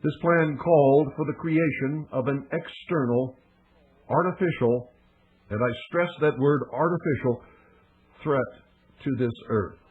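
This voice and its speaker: A middle-aged man hosting a radio talk show, pressing his points with forceful emphasis and long dramatic pauses. His voice sits in a middle register. The audio is narrow and phone-like, with a thin lo-fi broadcast quality. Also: mid-range voice.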